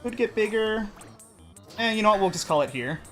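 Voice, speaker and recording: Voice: medium pitch, expressive, brisk, faint music behind. A streamer giving casual commentary while playing a game, rambling and correcting themselves often. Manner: rambling, with frequent restarts and self-corrections. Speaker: let's play streamer.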